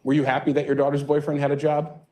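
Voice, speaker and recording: A woman's voice: low-pitched, monotone, fast, warm tone. A woman attorney questioning a witness in court, polite, with many hesitations. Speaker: trial attorney.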